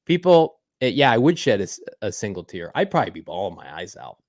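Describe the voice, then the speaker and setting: A man co-hosting a casual sports podcast, playful and animated, acting out little scenes as he talks. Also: fairly low pitch, fast talker, dry recording, clean studio sound. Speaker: podcast co-host.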